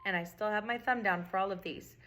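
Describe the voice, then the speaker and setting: Over loud music, a middle-aged female music teacher runs through a recorder lesson, patiently going over key points again and chanting the rhythms out loud. She talks fast in a mid-range voice.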